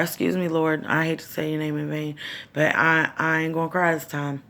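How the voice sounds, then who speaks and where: Gravelly-voiced woman fighting back tears. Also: low voice, flat delivery, normal speed, pushed and bright. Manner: raw, tearful, profane, speaks from the heart. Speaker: vlogger. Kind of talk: emotional personal vlog.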